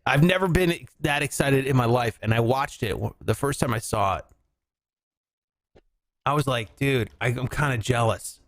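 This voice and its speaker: A man hosting a podcast, riffing in casual comic chat, rambling and breaking into shouts for bits. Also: medium pitch, moderate pace, long pauses. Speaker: podcast host.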